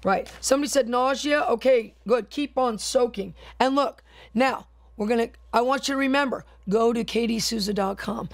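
A woman minister leading a live-streamed healing prayer, speaking in fervent, repetitive commands and decrees. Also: on the high side.

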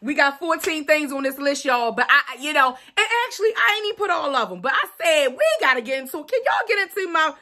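A woman's voice: high-pitched, sing-song, fast, few pauses, pushed and bright. A young adult woman, chatting playfully to camera as a vlogger and repeating herself to her viewers. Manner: chatty, playful, talks straight to viewers with lots of repetition. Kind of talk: casual chat to camera.

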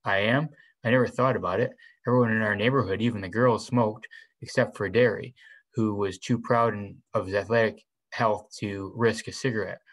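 A man reading a novel aloud in the first person, unhurried, with small restarts. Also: on the low side, fairly even intonation, fairly bright tone, low-quality recording. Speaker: reader.

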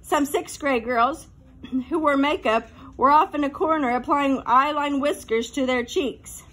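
A woman reading a children's novel aloud as narrator, with clear, lively storytelling. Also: sits high, measured pace.

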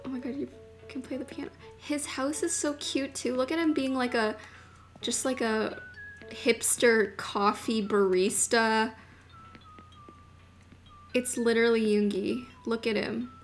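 A young woman streaming a video game, chatting casually and gushing excitedly, dropping to murmurs and rising to squeals. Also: a little high, a little slow, pauses often, soft background music. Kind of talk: casual live-stream chat while gaming.

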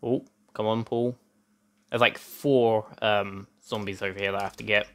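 Here a young man with a lowish, steady voice at normal speed hosts a let's play, giving chatty gameplay commentary. He wanders off topic, keeps interrupting himself with restarts, and sounds hot and sweaty, a little short of breath.

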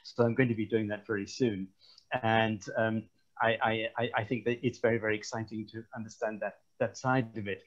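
A man speaking on a webinar panel over a video call, halting, with many false starts and repeated words. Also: lowish voice, flat delivery, muffled recording.

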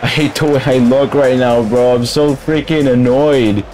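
A man's voice: medium pitch, steady tone, moderate pace, music in the background. A man streaming a game live, grumbling in casual slang and calling his listeners bro.

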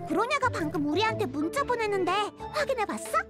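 Super high bouncy game girl, lively swoopy voice, music under it. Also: racing. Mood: chirpy. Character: bubbly young girl companion in a game. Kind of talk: game voice acting. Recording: game audio over background music.

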